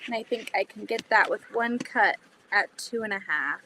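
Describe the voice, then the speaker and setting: A woman's voice: mid-range voice, moderate pace, sharp tone, slight background noise. A woman hosting a casual sewing livestream, chatting to viewers and thinking aloud as she cuts fabric. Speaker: livestream host.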